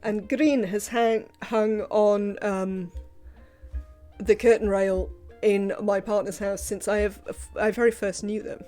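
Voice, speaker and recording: A woman chatting casually while livestreaming a video game, rambling and filling pauses with "um" and "uh". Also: medium pitch, fairly even intonation, mellow, faint music behind. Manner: rambling, chatty, frequent fillers. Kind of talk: casual live gameplay commentary.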